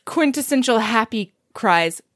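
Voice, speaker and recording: A woman co-hosting a casual chat, retelling a novel's scenes in an animated way and acting out the characters' lines. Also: fairly high pitch, unhurried, dry recording, clean studio sound. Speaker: podcast co-host.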